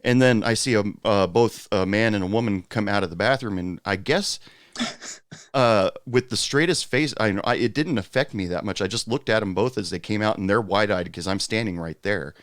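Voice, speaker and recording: A man's voice: fairly low pitch, normal speed, no room sound, studio quality. A man hosting a podcast, chatting casually and swapping bar stories in a laid-back way. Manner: laid-back, lots of fillers, laughs along. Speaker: podcast host, former bartender.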